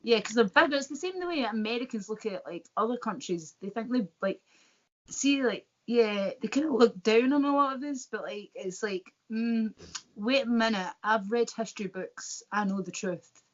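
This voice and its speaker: A woman's voice: on the high side, moderate pace, highs cut off. A Scottish woman in casual chat as co-host, rambling with lots of fillers and restarts. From Scotland.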